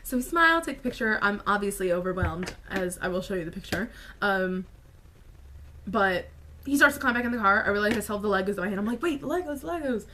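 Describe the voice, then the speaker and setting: A woman vlogger telling a personal story to camera in a casual, animated way, full of "like" and quick asides. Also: mid-range voice, a little hiss or hum. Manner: animated, filler-heavy retelling with lots of "like".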